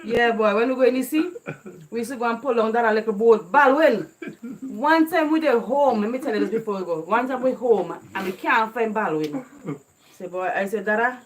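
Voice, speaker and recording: A high-voiced young woman with a Caribbean island creole accent chats about her childhood. She laughs through her stories and talks in a lively, animated way. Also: fairly quick. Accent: Caribbean island creole English. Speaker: vlogger. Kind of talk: casual storytelling.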